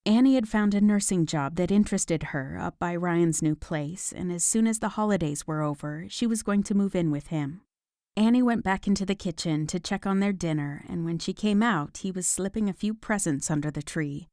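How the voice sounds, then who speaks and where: A woman narrating a romance audiobook in a calm, even storytelling manner. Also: lowish voice, normal speed, no room sound, studio quality. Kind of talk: scripted narration.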